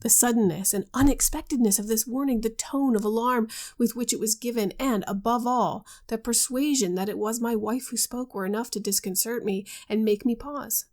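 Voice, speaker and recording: A grave, solemn young husband shaken by a voice he heard in the dark, as a woman reads him aloud. He speaks in an earnest, measured way. The voice has a gravelly edge. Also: on the high side, natural voice.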